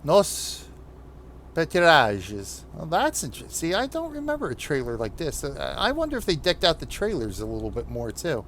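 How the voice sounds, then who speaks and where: A man with a New Jersey accent chatting casually with his audience while driving in a truck game, rambling with halting restarts. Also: on the high side, huge pitch swings, fairly bright tone, a little hiss or hum. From New Jersey, USA. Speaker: streamer playing a truck game. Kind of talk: casual chat while gaming.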